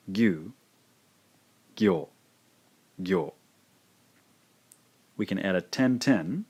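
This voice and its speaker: A man teaching a language lesson, patiently saying each sound twice in a careful, drawn-out way. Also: sits low, slightly rough. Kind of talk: slow, careful spoken lesson.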